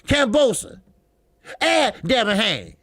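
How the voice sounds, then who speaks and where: A man hosting a live boxing talk stream, loud and profane, laughing often and calling out greetings to chatters. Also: very high voice, wildly swooping pitch, measured pace, no room sound, clean studio sound. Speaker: boxing talk show host.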